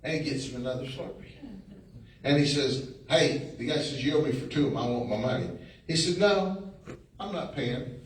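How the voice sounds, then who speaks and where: A man's voice: mid-range voice, fairly quick. A middle-aged man, giving a folksy storytelling talk and acting out the people in his stories. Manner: down-home storytelling, mimics people in the story, chuckles often. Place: meeting room. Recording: echoey room, distant mic, faint hum.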